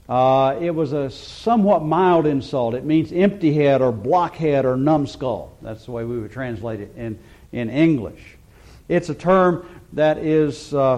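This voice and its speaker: A man's voice: a little high, warm tone. A man preaching a sermon, explaining scripture verse by verse with emphatic quotes and frequent restarts. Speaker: pastor.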